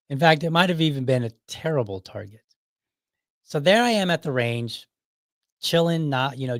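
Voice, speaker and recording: A man's voice: mid-range voice, no room sound. A middle-aged man hosting his own show, telling a casual story in a loose, conversational way and chuckling often as he goes. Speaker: podcast host.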